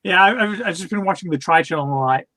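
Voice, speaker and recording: Male podcast co-host, high-pitched, loose and chatty, full of "uh" and restarts. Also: lively intonation, quick pace, pushed and bright. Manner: rambling with many fillers and restarts, laughs often. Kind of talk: casual chat reviewing cartoons.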